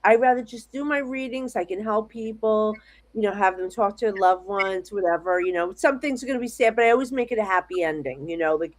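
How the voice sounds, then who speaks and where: Chatting from her home office on a video call, the psychic medium, a middle-aged American woman, rambles through her stories with lots of animation and repeated restarts. Her voice is mid-range and she talks a little fast in this casual interview.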